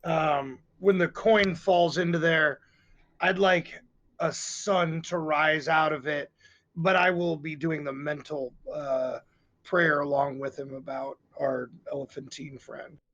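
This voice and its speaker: A man's voice: on the high side, fairly even intonation, slow, fairly bright tone, lo-fi sound. A man playing a tabletop game, chatting casually in an offhand, joking way. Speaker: player.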